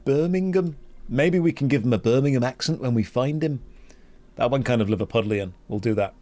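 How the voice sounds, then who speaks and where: A man's voice: medium pitch, a little fast, warm tone. A British man chatting casually and joking while streaming a game. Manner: joking, rambling. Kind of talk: casual gameplay chat.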